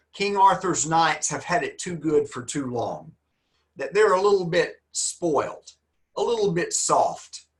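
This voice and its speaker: Folksy man teaching a class. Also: fairly high pitch. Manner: folksy, joking, encouraging. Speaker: literature teacher. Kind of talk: online class lecture.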